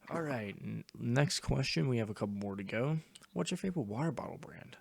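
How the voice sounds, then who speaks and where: A man's voice: mid-range voice, lively intonation, gravelly, a little hiss or hum. A young man hosting a casual podcast, joking as he reads out questions. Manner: joking, quick question-asking. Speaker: podcast host asking questions. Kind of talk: casual chat.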